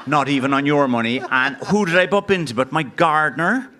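A man's voice: a little high, fairly quick, a crowd in the background, natural voice. A man playing a pompous, condescending wealthy man in a live comedy bit on a handheld mic. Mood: smug. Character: pompous snobbish wealthy man lecturing locals. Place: live outdoor broadcast before an audience. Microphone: handheld microphone.

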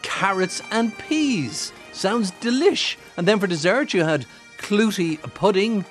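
A man's voice: high voice, expressive, slow, soft background music. A male radio host bantering and teasing his guests playfully.

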